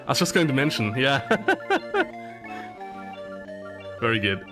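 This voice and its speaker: A man streaming and commenting on a retro adventure game live, chatty and excitable, laughing and cursing now and then. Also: medium pitch, takes it slowly, music in the background. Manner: excitable, chatty, laughs often, curses when surprised.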